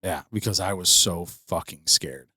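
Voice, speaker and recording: A man's voice: deep voice, unhurried, pushed and bright, breathy edge, no echo, studio quality. A young man co-hosting a podcast, telling a profane, rambling story full of fillers into a podcast mic. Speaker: podcast co-host. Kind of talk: casual storytelling.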